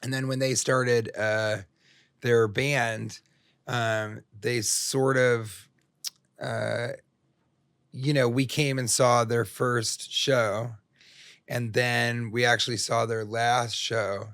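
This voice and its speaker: A man's voice: mid-range voice, flat delivery, slow, a bit bright, clear, resonant tone, dry recording, clean studio sound. A middle-aged man, a comedian guest on a podcast, telling long rambling stories full of jokes and swearing. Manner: rambling, profane, jokey storytelling. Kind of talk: casual interview chat.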